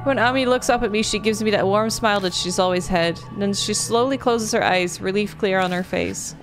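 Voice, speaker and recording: A woman reading a visual novel aloud as she plays, breaking into loud, animated exclamations and swearing. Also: mid-range voice, moderate pace, soft background music. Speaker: gaming video creator.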